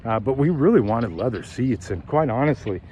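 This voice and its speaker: A man's voice: mid-range voice, lively intonation, mellow, lo-fi sound, slight background noise, close to an everyday voice. A man voicing a noncommittal male car buyer who hedges and halts with fillers. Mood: hesitant. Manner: halting, hedging with fillers.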